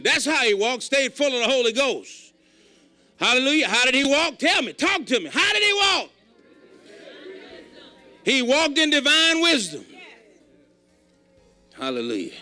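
High, bright-voiced folksy preacher man. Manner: folksy, emphatic preaching with shouted peaks. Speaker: pastor. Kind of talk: sermon.

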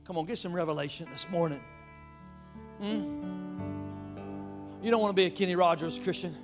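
A man delivers a sermon with emphatic, animated energy, often calling out to his congregation. Faint music plays underneath his preaching. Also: sits high, moderate pace. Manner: emphatic, call-and-response, animated.

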